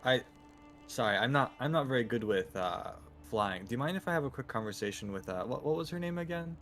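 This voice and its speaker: A man's voice: medium pitch, animated, fairly quick, fairly bright tone, soft background music. A man playing a tabletop game, talking hesitantly and stammering. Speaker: player.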